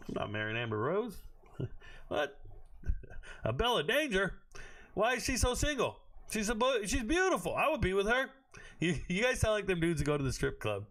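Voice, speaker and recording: A man hosting a live stream from his home on his own microphone, talking bluntly with plenty of swearing and sudden bursts of shouting. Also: high-pitched, very animated, moderate pace. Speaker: host of a draft watch party stream. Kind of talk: casual live-stream commentary.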